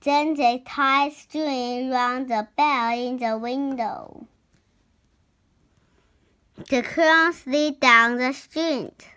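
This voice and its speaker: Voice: high voice, steady tone, drawn-out words, long pauses, bright, forceful tone, clean tone, heavily acted. A child reading as a clever boy detective. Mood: explaining.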